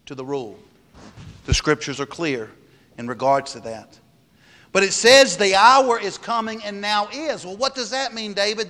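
A man's voice: high voice, fairly bright tone. A pastor preaching a sermon, stressing his points and asking the congregation rhetorical questions. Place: church sanctuary. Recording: long hall reverb.

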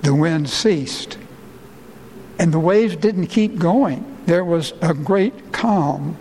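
A male pastor preaching a sermon, his voice rising and slowing when he quotes people crying out. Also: darkish tone, in a large hall, slight background noise, low-quality recording. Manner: rises in pitch and slows for quoted cries.

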